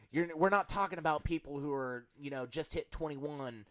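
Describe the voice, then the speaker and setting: A man's voice: a little high, normal speed, a bit bright, no echo. A man co-hosting a podcast, talking in a blunt, emphatic way with plenty of swearing. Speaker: podcast co-host. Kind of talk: casual chat.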